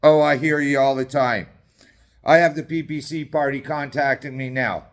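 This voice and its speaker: A man's voice: mid-range voice, fairly even intonation, normal speed. A middle-aged man from Canada, ranting in an angry, combative and sarcastic way as a political activist, swearing often.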